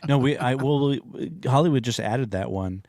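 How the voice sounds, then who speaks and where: A man co-hosting a casual podcast, calm, often giving short agreeing replies. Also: mid-range voice, normal speed, no room sound. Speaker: podcast co-host.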